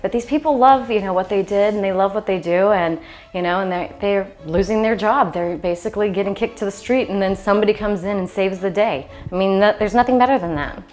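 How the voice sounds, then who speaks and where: Woman, middle-aged, lively storyteller, quotes others, mid-pitched voice. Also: brisk, soft background music. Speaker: actress. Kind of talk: interview.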